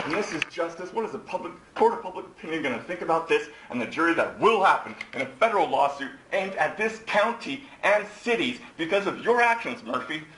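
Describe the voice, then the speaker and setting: Hoarse man ranting in an echoey courtroom. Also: high-pitched, noisy background. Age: 40s. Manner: heated, accusatory ranting. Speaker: defendant. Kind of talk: courtroom address.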